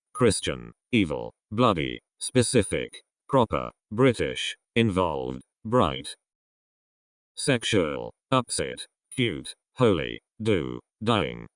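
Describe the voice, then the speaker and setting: A deep-voiced man reads single English words slowly and deliberately, his pitch rising and falling widely from word to word. The sound is dry and close, with no room around it. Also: no echo. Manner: slow, isolated words with pauses. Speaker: vocabulary reader. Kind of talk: reading an English word list.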